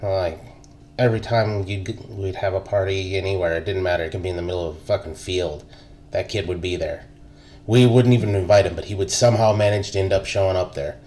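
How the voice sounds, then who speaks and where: A man's voice: sits low, fairly even intonation, brisk, darkish tone, slight background noise. A man in his thirties, an army veteran, telling stories in casual podcast chat, laid-back and profane, laughing as he goes.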